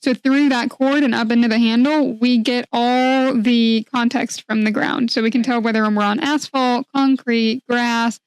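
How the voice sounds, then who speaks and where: A young woman co-hosting a podcast, explaining things clearly and calmly in casual chat. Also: on the high side, moderate pace, hardly any pauses, no room sound, rough recording. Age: young adult. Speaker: podcast co-host.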